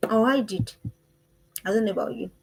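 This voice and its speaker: A woman teaching a parenting lesson, emphatic and animated, who repeats her phrases and keeps asking the listener questions. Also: on the high side, moderate pace, gravelly, husky, low-quality recording.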